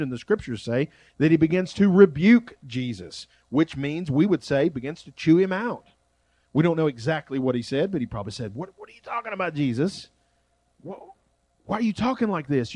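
A man preaching a sermon as pastor, shifting between loud emphasis and quiet, drawn-out phrases. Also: fairly high pitch, dry recording.

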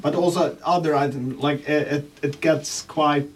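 A man's voice: a little high, steady tone, moderate pace, background noise. Man, tabletop player, New Zealand accent, stammering, joking, distant mic. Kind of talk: casual chat.

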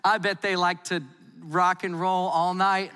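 A man preaching a sermon in a lively, playful, conversational way. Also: high-pitched, measured pace, long reverb tail, slight background noise. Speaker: pastor.

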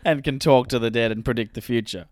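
A man's voice: medium pitch, quick pace, no room sound. A young Australian man co-hosting a podcast, joking in a dry, skeptical way. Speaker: podcast co-host. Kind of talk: casual chat.

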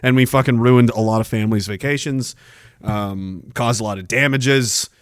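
A man's voice: mid-range voice, moderate pace, dry recording, clean studio sound. Profane, laughing Canadian man in his forties. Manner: animated, profane, laughing often. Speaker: podcast host. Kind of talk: casual storytelling.

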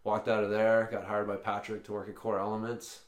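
A man's voice: lowish voice, little pitch movement, a little fast. Profane storytelling man in echoey room. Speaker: podcast co-host. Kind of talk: casual chat, storytelling. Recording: roomy echo.

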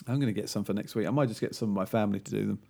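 A man's voice: on the low side, rapid-fire, creaky, dark tone, breathy edge. A man co-hosting a podcast in rambling, reminiscing casual chat, laughing easily. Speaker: podcast co-host.

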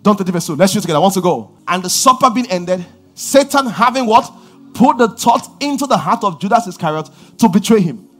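A man preaching a sermon, swinging from shouted lines to low murmurs as he reads and explains scripture. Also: animated, brisk, soft background music.

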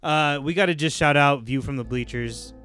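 A man's voice: on the high side, normal speed, bright, forceful tone, soft background music. A man hosting a sports podcast, joking and laughing in casual chat. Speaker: podcast host.

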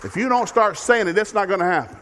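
A middle-aged male preacher with a somewhat high voice. He delivers a folksy, humorous sermon that swings from loud, emphatic exhortation to quiet, confiding asides. His voice rings out through a church sanctuary with a long, trailing reverb. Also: expressive, quick pace, some chatter behind. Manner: folksy, humorous, repeats key phrases. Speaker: guest preacher.

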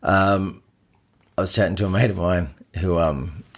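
A middle-aged man, co-hosting a casual chat and telling an animated story with frequent laughs. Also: low voice, normal speed, vocal fry. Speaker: podcast co-host.

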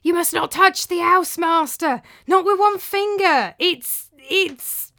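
A woman's voice: extremely high pitch, slow, pushed and bright, pitched above the performer's own voice, exaggerated voice. A woman doing a scheming young male slave. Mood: urgent. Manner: urgent, persuasive.

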